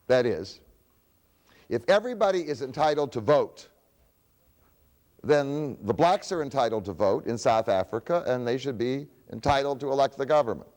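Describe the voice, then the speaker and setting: A man's voice: medium pitch, expressive, normal speed, a little mellow, in a large hall. A man giving a public lecture, who poses rhetorical questions and answers them himself.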